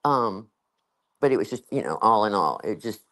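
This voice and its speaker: A man's voice: lowish voice, lively intonation, normal speed, sharp tone. A man, rambling in casual chat as a guest, with lots of fillers and laughter.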